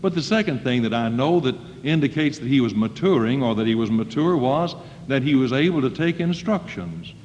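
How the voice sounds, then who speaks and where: A man preaching a sermon to students in a folksy manner, acting out quoted voices and rising to loud emphasis. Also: medium pitch, lively intonation, brisk. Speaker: preacher at a school chapel. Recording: dull old recording in a reverberant hall.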